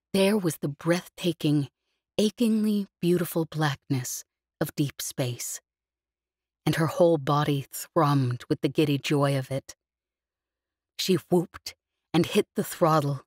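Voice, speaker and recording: Low-voiced woman narrating an audiobook. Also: no echo, clean studio sound. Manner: expressive, vivid storytelling.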